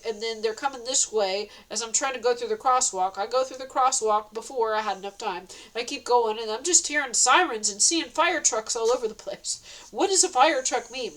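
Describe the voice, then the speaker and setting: Woman, casual storytelling vlog; rambling, restarts often, slightly high voice, breathless retelling. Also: fairly bright tone, rough recording. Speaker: vlogger.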